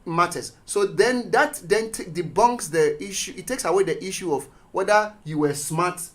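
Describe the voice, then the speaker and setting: Teacher guest, radio studio, mid-high voice, animated storytelling. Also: male voice, moderate pace. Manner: animated storyteller, acts out quotes. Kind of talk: radio discussion.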